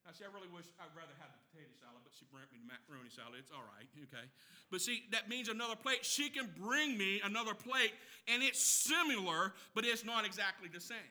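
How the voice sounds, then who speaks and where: A man delivers an impassioned sermon in a high, piercingly bright voice. He swings from shouted emphasis to hushed teaching and repeats phrases to drive a point home. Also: fast talker. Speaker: pastor.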